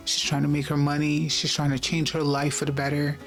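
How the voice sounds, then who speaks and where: A woman's voice: sits low, monotone, fairly quick, soft background music. A woman hosting a reaction video, commenting with indignation and rhetorical questions.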